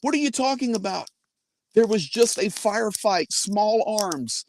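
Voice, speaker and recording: A man's voice: high voice, expressive, measured pace, background noise. A man hosting a live faith-based update from inside his car, telling a story earnestly and quoting others. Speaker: host.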